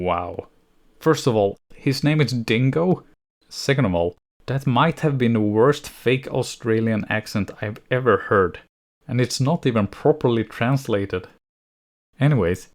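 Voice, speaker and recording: A man giving scripted review commentary on an anime series, sardonic and nitpicking, with an exasperated edge. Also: lowish voice.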